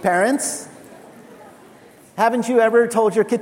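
A male pastor giving a sermon in an animated, conversational way with laughing asides. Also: high voice, moderate pace, slight background noise. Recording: large hall reverb.

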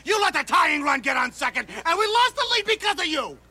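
A bullying, shouting team manager. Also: male voice, extremely high pitch, very animated, a little fast, full character voice. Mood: berating. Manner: berating, shouting, sarcastic. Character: gruff middle-aged male ball team manager, bullying. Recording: noisy film soundtrack.

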